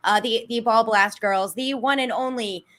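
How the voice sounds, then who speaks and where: A chatty woman co-hosting a podcast, talking with a bright, forceful tone that sits a little high. She is enthusiastic and laughs easily as she interviews a guest. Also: moderate pace. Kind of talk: casual podcast chat.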